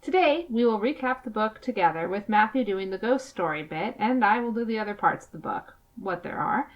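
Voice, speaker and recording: A woman's voice: medium pitch, animated, brisk, muffled recording. A woman co-hosting a podcast, chatty and self-deprecating as she recaps a book. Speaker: podcast co-host. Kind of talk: casual podcast chat.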